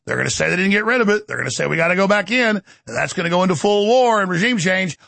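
A man hosting a talk show, ranting sarcastically with shouted bursts. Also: high-pitched, animated, quick pace, gravelly, dry recording. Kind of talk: ranting monologue.

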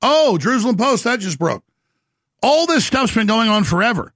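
A middle-aged man with a gravelly voice hosting a talk show, delivering an intense, boastful monologue. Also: high-pitched, very animated, normal speed, fairly bright tone, no echo, studio quality. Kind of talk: ranting monologue.

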